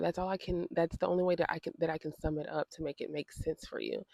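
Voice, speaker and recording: A woman's voice: low-pitched, little pitch movement, a little fast, creaky, dark tone. A woman vlogger telling a personal story in a direct, indignant and emotional way, often repeating her phrases for emphasis. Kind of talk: storytime vlog.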